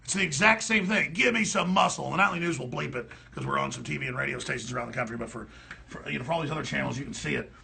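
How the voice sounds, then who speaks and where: A man giving mocking political commentary over video clips, often breaking into shrill parody voices. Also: very fast, sharp tone, slight background noise. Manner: gravelly, mocking, switches into shrill mimicking voices. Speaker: talk show host.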